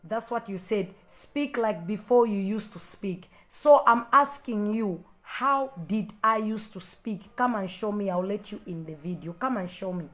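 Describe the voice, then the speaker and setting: A woman's voice: mid-range voice, unhurried, hardly any pauses, poor audio. Woman from zambia, preacher, livestream address, confrontational, repeats her challenges. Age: adult with school-age children. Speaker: Christian preacher on a live video.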